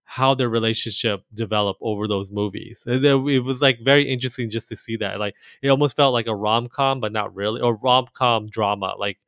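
Halting man chatting on a dry podcast. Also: mid-range voice, steady tone, fairly bright tone, clear, resonant tone, no room sound. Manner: halting, restarts and "like" fillers. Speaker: podcast co-host. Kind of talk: casual chat.

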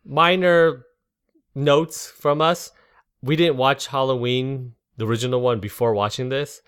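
A man's voice: mid-range voice, fairly even intonation, measured pace, a bit bright, clean tone. A man co-hosting a casual movie podcast, rambling, tripping over names and laughing at his own jokes. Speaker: podcast co-host. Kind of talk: casual movie review chat.

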